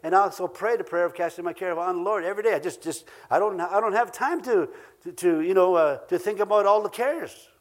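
A man with an Ojibwe accent, pitched notably high for a man, delivers a sermon. He is earnest, drives points home by repeating phrases, and slips in small chuckles as he goes. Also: fairly quick. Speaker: preacher.

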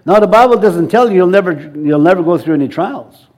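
A male pastor delivering a sermon in a church. His voice sits a bit high for a man, and he keeps coaxing the congregation to call back and join in. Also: expressive, a little fast, a little mellow.

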